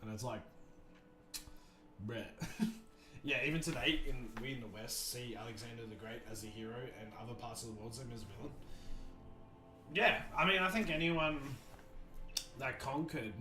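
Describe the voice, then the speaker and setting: A man's voice: medium pitch, lively intonation, fairly quick. Man, casual livestream chat, rambling and thoughtful, echoey room, faint music behind. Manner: rambling, thoughtful, many restarts and fillers. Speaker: livestream host.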